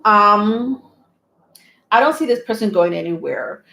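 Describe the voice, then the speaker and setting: A woman's voice: medium pitch, animated, a little slow, vocal fry, sharp tone. Chatty woman reading tarot, echoey room. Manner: chatty, laughs often, lots of fillers. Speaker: tarot reader. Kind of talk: live-stream tarot reading.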